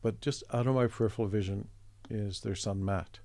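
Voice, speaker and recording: A middle-aged man from Canada, an artist guest telling a story in a chatty, relaxed way, acting out the voices of the people in it. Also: lowish voice, brisk, dry recording. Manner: chatty, acts out quoted voices, chuckles often.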